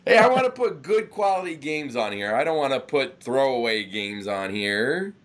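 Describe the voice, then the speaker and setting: A young man co-hosting a sports picks show, talking casually and playfully, now and then breaking into loud announcer shouts. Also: mid-range voice, very animated, moderate pace.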